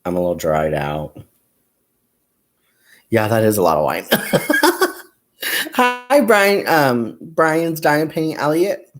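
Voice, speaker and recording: A young man hosts a laid-back crafting livestream, his mid-range voice unhurried and broken by long pauses. He tells stories full of laughter, calls his viewers "you guys" and "y'all," and counts stitches out loud while he crochets.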